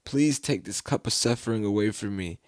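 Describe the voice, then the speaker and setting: A man's voice: on the low side, a little fast, a little mellow, no room sound, studio quality, close to an everyday voice. A man reading Jesus, solemn and grave. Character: Jesus, solemn grown man teaching his followers.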